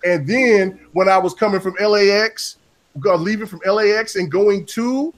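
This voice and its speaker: A man from Oklahoma hosting a gaming podcast, telling stories in a rambling, animated way with plenty of swearing. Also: high-pitched, normal speed, soft background music. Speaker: podcast host. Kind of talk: casual chat.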